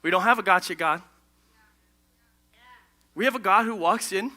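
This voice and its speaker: High-voiced guy preaching, super bright tone, chatty and jokey. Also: normal speed, long pauses. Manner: energetic, conversational, jokey. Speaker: pastor. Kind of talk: sermon. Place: church stage.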